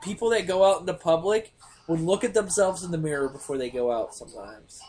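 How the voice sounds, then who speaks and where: Young man, casual podcast chat, slightly high voice, profane, animated storytelling. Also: brisk, crowd noise. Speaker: podcast co-host.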